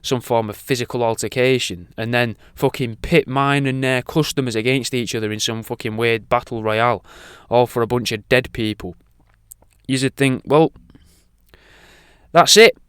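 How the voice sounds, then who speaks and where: A man's voice: medium pitch, fairly even intonation, normal speed, clear, resonant tone, no room sound, studio quality. A man hosting a radio show, rambling through an irreverent, sweary monologue.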